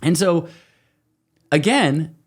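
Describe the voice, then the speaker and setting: Brief: animated male interview guest, thirties, rambling storyteller doing little voices for others. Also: on the high side, extremely slow, breathy edge. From United States. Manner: animated, acts out quoted voices, many fillers. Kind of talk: casual storytelling.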